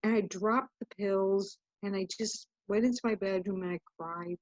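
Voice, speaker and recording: In a casual interview, a woman guest author talks at normal speed in a medium-pitched, darkish voice. Earnest and rambling, she keeps breaking off and restarting as she tells her story, and the dry recording is dull, muffled and lo-fi.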